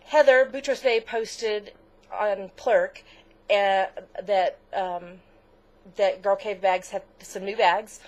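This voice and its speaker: A middle-aged woman co-hosting a crafts podcast in casual chat, gushing, chatty and easily moved. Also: medium pitch. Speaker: podcast co-host.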